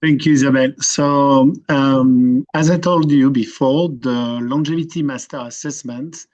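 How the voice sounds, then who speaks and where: A man with a French accent presenting a program in an online presentation, halting often with fillers and restarts over a video call. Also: medium pitch, muffled recording. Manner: hesitant, many fillers and restarts.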